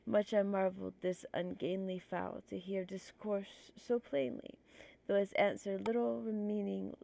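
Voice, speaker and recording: A woman's voice: medium pitch, flat delivery, unhurried, creaky, warm tone. A woman streamer with a stuffy nose reading poetry aloud on a livestream, nervous and self-conscious, apologizing for her slips.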